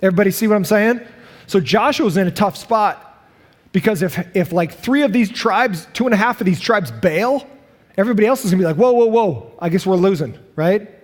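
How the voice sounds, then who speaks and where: A man preaching a sermon as pastor, animated and acting out the voices of the people he quotes. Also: high-pitched, a little fast. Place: church sanctuary. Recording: long hall reverb.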